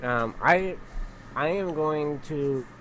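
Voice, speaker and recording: A man playing a tabletop game, talking casually and haltingly, now and then swearing. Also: fairly high pitch, a bit bright, a little hiss or hum, low-quality recording. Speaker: player.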